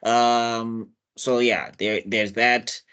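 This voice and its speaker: A man's voice: mid-range voice, flat delivery, extremely slow, fairly bright tone, clear, resonant tone. A man, chatting casually on a film review panel, opinionated and rambling, often restarting his sentences. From South Africa.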